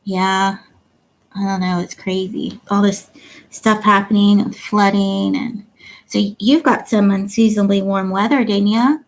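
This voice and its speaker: A woman's voice: medium pitch, steady tone, measured pace, rough recording. A woman hosting a casual livestream chat, reading viewer comments aloud and laughing often. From Ohio. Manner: chatty, giggly, reads comments aloud. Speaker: livestream host.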